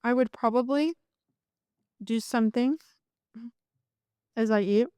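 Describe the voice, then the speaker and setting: A woman's voice: fairly high pitch, slow, a little mellow, clear, resonant tone, no echo. A middle-aged woman from Colombia, chatting enthusiastically as an immigration attorney guest on a podcast. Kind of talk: casual interview chat.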